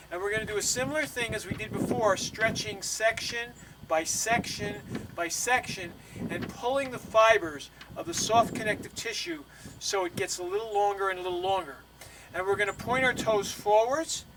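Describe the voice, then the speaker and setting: A man guiding a stretching routine step by step, calm and instructive, a little out of breath. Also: high-pitched, distant mic, background noise. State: slightly out of breath. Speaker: bodywork instructor.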